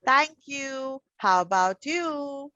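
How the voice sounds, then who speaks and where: A woman teaching young children over a video call, gentle and encouraging, full of endearments. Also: high voice, expressive, slow pace, no echo. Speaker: preschool teacher. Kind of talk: online class with young children. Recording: dull, dry video call audio.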